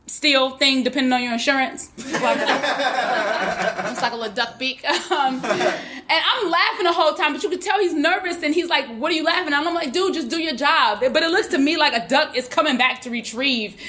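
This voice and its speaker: A brash woman tells a comic tale on stage, laughing as she goes. Her voice sits high. Clear noise runs behind her in the room. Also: normal speed, pushed and bright. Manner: brash, laughing often, profane. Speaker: storyteller at live show. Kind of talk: live comedic storytelling.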